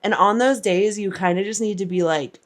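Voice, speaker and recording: Filming outdoors after a tough run, a woman vlogs about her running, sounding worn out. Her voice is medium-pitched at a normal speed, and she chats candidly and casually, saying "like" a lot.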